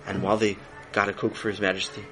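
A man narrating a children's story in an animated way, with many fillers and restarts. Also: on the low side, fast talker, noisy background.

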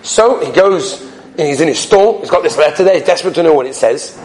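Animated high-voiced man telling stories. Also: fairly quick, low-quality recording. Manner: animated, anecdotal, conversational. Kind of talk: storytelling talk.

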